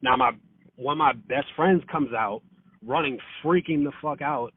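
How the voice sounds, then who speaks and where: A man's voice: a little high, moderate pace, slightly rough, no room sound. A man in casual storytelling over the phone, swearing freely, using lots of fillers and acting out quotes. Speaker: podcast guest. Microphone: phone call. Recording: tinny dry phone line.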